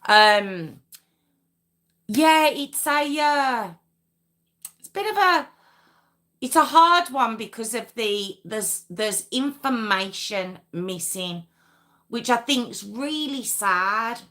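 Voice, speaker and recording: A woman hosts a live true crime stream from home, speaking into a webcam mic. Her voice is bright and forward, and she talks at an unhurried pace. She chats with viewers, giggles often and reads their comments aloud. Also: a little high, lively intonation. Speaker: true crime livestream host. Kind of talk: casual live chat with viewers.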